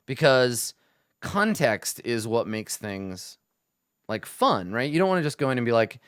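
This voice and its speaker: A man's voice: medium pitch, big pitch swings, moderate pace, fairly bright tone, dry recording, studio quality. A man talking as game master, planning a tabletop adventure aloud, thinking things through with restarts. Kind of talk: casual session prep talk.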